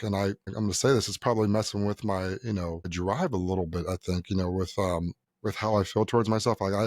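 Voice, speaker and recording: Here the podcast co-host, a New York man in his thirties, sounds fairly low-pitched in clean, studio-quality audio without echo. Chatting casually, he tells lively stories, acts out what people said, and swears a lot.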